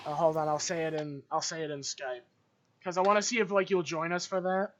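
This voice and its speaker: Bright-toned teasing young man streaming. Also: on the high side, fairly quick. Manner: teasing, animated, filler-heavy. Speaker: live stream host. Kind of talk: casual chat among friends. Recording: slightly muffled mic with faint noise.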